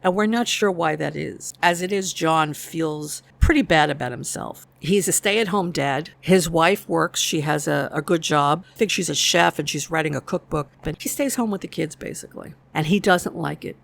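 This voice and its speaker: Chatty woman with a gravelly voice. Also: sits low, normal speed, hardly any pauses. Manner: chatty, retells scenes with quoted lines. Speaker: YouTube show reviewer. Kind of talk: casual recap commentary.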